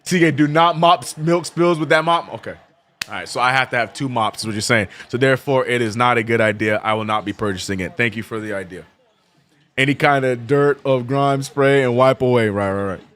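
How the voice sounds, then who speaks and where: A man hosting a live watch-along stream, chatting casually with his chat and breaking into excited play-by-play calls. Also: mid-range voice. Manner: laid-back banter, reads chat aloud, gets loud and drawn-out calling plays.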